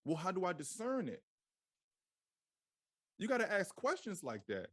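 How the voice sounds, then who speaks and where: A man teaching from scripture in a casual, animated way, repeating phrases and firing off rhetorical questions. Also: high-pitched, a little slow, no echo, studio quality. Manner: casual slang-laced delivery. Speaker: Bible teacher.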